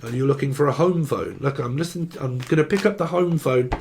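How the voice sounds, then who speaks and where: A man's voice: medium pitch, fairly quick, vocal fry, few pauses, a little mellow. A man giving a loose, joking tarot reading, playful and crude, drifting into silly asides. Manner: playful, crude, jumps into silly put-on voices and bits. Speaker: tarot reader.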